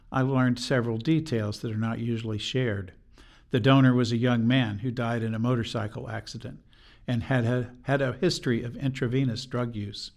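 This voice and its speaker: An older man giving a measured, earnest personal testimony as a podcast guest, slowing down for quoted lines. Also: mid-range voice, a little mellow.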